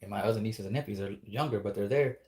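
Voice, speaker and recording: A man's voice: on the low side, fast, a little mellow. A man telling a spooky story in a casual, rambling, profane way, acting out the dialogue as he goes.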